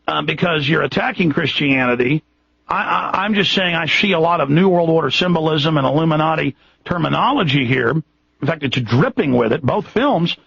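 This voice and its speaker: A man's voice: a little high, creaky, a bit bright, husky, no room sound, lo-fi sound. A Texan man hosting a radio show, talking in an impassioned, rambling way with frequent restarts. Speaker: radio host. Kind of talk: radio monologue.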